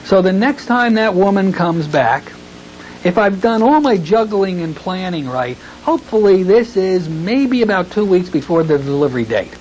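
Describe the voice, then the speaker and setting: A man teaching hypnotherapy in a recorded training lecture, talking in a folksy way and slowing into a soothing tone when he demonstrates suggestions. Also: sits high, very animated, a little mellow. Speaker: hypnotherapy instructor. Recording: dull lo-fi tape with faint hiss.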